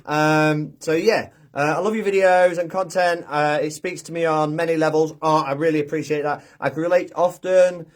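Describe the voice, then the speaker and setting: British guy chatting on a phone livestream, fairly high voice, laughs a lot reading comments. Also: steady tone, normal speed, hardly any pauses. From United Kingdom. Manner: chatty, chuckles often, reads comments aloud. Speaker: livestream host. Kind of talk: casual live chat reading viewer comments.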